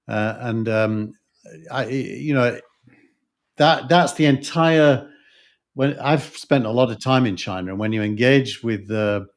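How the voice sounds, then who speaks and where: A man's voice: mid-range voice, a little slow. A man with a Yorkshire accent, co-hosting a podcast discussion, talking thoughtfully with many fillers and restarts. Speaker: podcast co-host. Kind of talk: casual discussion.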